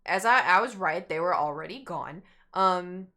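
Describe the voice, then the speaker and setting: Speaking at normal speed in a fairly low voice, a young adult woman streamer tells her chat a long story. She rambles casually and animatedly, acting out people's lines.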